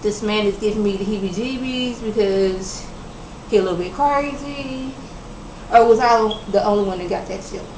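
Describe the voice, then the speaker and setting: A woman's voice: medium pitch, moderate pace. Chatty woman recapping in an echoey room. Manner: animated, acts out characters' lines. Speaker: TV episode reviewer. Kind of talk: casual recap and commentary. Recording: echoey room with faint background noise.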